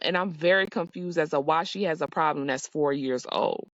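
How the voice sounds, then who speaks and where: A woman's voice: sits low, steady tone, normal speed, hardly any pauses, fairly bright tone, no room sound, muffled recording. Sassy woman recapping reality TV. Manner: chatty and sassy, with playful asides. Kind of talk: casual recap commentary.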